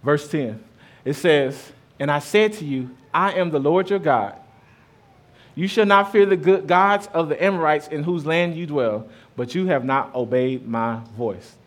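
A man's voice: fairly high pitch, a little slow. A man in his thirties, a pastor giving a sermon in a conversational way, mixing scripture with stories about his kids. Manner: conversational preaching with personal stories, rising and dropping loudness.

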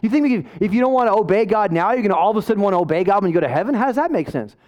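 A man with a notably high voice preaches a sermon to his congregation. He talks in a loose, conversational way, full of asides and jokes, and he sounds fired up. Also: animated, rapid-fire, darkish tone. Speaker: pastor.

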